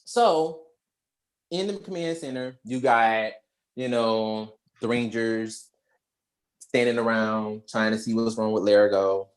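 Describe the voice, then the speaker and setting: A young adult woman co-hosting a podcast, casually retelling a movie plot in slangy, animated storytelling. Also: a bass voice, slow. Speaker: podcast co-host. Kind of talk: casual movie recap chat.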